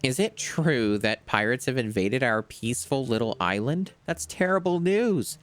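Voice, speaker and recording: A man's voice: mid-range voice, lively intonation, moderate pace, soft background music, pitched above the performer's own voice, natural voice. A man voicing a fretful café owner from a video game in an anxious, whiny tone. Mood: worried.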